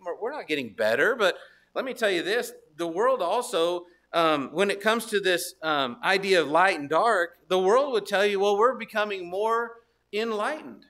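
Bright-voiced high-pitched male preacher. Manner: conversational storytelling preacher, frequent restarts and asides. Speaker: pastor. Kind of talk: sermon.

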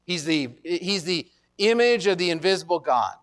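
A male pastor preaching a sermon in a conversational way, often restarting phrases with repeated words and slowing down to stress scripture. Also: high-pitched, expressive.

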